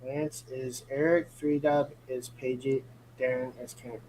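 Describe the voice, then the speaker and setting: A woman's voice: very deep voice, steady tone, a little slow, warm tone, a little hiss or hum, low-quality recording. A woman co-hosting a casual live stream chat, playful and teasing, cracking jokes and laughing often.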